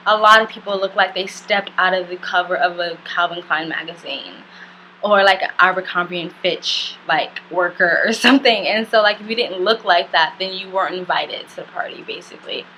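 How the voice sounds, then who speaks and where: A young woman talks straight to camera in a chatty vlog, her voice bright and forward. She tells her story candidly, leaning on "like" and swearing casually. Faint ambient noise sits behind her. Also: mid-range voice, moderate pace, low-quality recording. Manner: candid and chatty, heavy use of "like". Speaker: travel vlogger.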